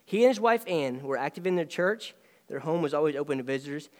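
A man preaching a sermon, earnest and emphatic, swinging between raised lines and quiet ones. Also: fairly high pitch, expressive, fast, big-room sound. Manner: earnest, rising and dropping emphasis.

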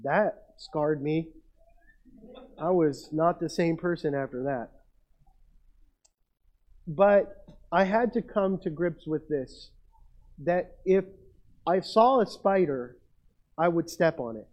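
A man's voice: fairly high pitch, lively intonation, slow pace, pauses often, darkish tone. A middle-aged man preaching a sermon from the pulpit, telling stories about himself with humor and building to emphatic peaks. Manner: storytelling, self-mocking, builds to emphatic peaks. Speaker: pastor. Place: church. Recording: muffled lo-fi sound.

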